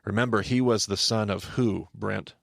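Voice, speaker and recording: Gravelly-voiced man teaching on a podcast. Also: fairly low pitch, normal speed, no room sound, studio quality. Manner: animated, restarts and asks co-host questions. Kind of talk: conversational Bible teaching.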